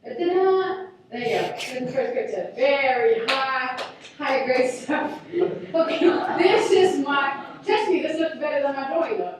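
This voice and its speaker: A woman in her thirties giving a talk, telling stories in a candid, self-deprecating and animated way. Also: high voice, measured pace, crowd noise. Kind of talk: storytelling talk. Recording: very echoey hall, mic far off.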